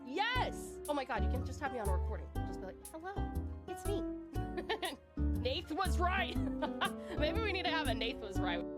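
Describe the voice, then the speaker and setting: Giggly, high woman streamer. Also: sing-song, fairly quick, over loud music. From Tasmania, Australia. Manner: giggly, bubbly, greets chat by name. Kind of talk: casual live-stream chat while drawing.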